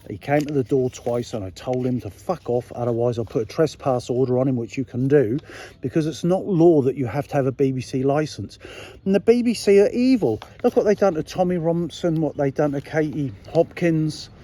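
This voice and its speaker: A middle-aged Englishman, a political commentary vlogger, delivers a casual ranting monologue in a mid-range, warm voice at a fairly quick clip. He's blunt, sweary and indignant, peppering his viewers with rhetorical questions.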